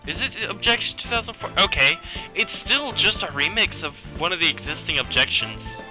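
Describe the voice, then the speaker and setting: A man's voice: sits high, lively intonation, normal speed. A man streaming a game live, chatting casually and reacting to chat and game music. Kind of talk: casual live gameplay commentary. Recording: game music playing behind.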